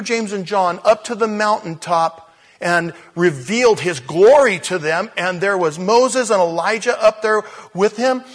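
Husky high-voiced male preacher. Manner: informal storytelling with asides and acted-out quotes. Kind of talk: conversational sermon.

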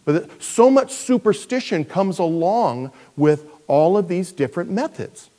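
Man teaching scripture, chatty and animated. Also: sits high, a little slow, few pauses. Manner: conversational, animated, with self-deprecating asides. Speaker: pastor. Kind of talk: verse-by-verse Bible teaching.

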